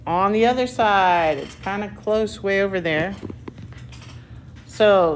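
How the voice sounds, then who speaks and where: A woman teaching algebra to a classroom, talking through each step at an unhurried, deliberate pace. Her voice sits at a middle pitch, and she drops in wry comments about herself between problems. A faint hum of the room sits underneath. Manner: slow, patient step-by-step explaining; self-deprecating asides. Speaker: math teacher.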